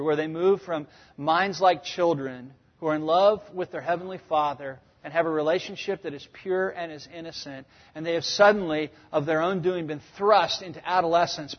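A man in his thirties preaching a sermon, telling stories and acting out voices with humor. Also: fairly high pitch. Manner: animated storytelling, acting out quoted voices with humor. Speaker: pastor. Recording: dull, echoey hall sound.

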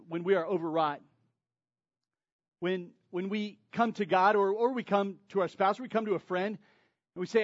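A man preaching a sermon, dramatic, swinging between loud emphasis and near-whispers. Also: high-pitched, steady tone, normal speed, no echo, muffled recording. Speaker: pastor.

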